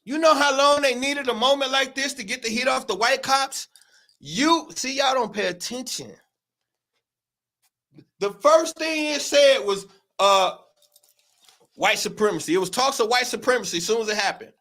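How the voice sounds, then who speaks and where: Very high-voiced, heated man. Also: normal speed, long pauses, bright, forceful tone. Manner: heated, profane, emphatic, repeats words. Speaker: show host. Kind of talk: livestream commentary.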